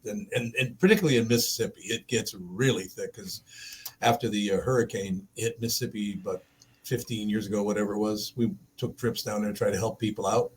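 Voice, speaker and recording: A man's voice: lowish voice, fast, a little hiss or hum. A man hosting a radio show, chatting casually in the studio and telling rambling stories with laughs and mimicked voices.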